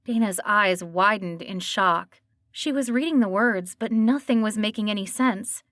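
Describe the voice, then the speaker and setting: A woman narrates a cozy mystery in an even, storytelling voice of middle pitch. The recording is dry and close with no room sound. Her reading is steady and clear. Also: measured pace, no room sound. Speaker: audiobook narrator. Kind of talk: scripted narration.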